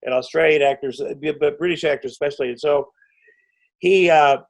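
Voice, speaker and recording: A man guesting on a podcast, telling a rambling, self-interrupting anecdote and breaking into loud acted quotes. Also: on the high side, brisk. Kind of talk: anecdotal storytelling.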